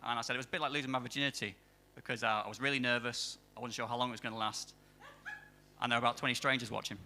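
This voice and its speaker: A newer stand-up comic works a comedy club stage through a handheld mic. He fires off dry, deadpan one-liners at a fast clip in a bright, crisp tone, with a faint noise underneath. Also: mid-range voice. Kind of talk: stand-up set.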